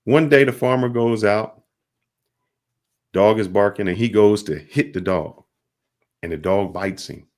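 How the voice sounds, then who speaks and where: A man's voice: fairly low pitch, a little slow, long pauses, a little mellow. A man hosting a talk podcast, telling a simple parable in plain casual speech. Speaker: podcast host. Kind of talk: reflective storytelling.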